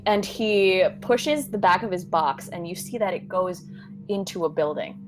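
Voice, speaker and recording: A woman's voice: on the low side, unhurried, soft background music. Woman narrating as game master. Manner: descriptive narration with fillers.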